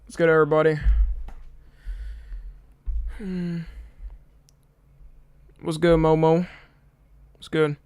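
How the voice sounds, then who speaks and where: A man's voice: fairly high pitch, flat delivery, takes it slowly, long pauses, a little mellow, clean tone, no room sound. A young man streaming live, chatting casually and a little tired, swearing freely as he greets viewers by name.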